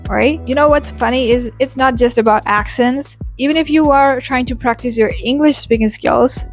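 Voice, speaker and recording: A woman's voice: high-pitched, normal speed, soft background music. A woman from India chatting casually in a vlog, explaining accent practice with "you know" asides and tag questions. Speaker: YouTuber teaching accents.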